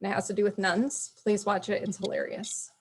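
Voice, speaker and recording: A woman's voice: medium pitch, level tone, a little fast, slight background noise. A woman teacher presenting spelling patterns in an online meeting, explaining and correcting herself as she goes.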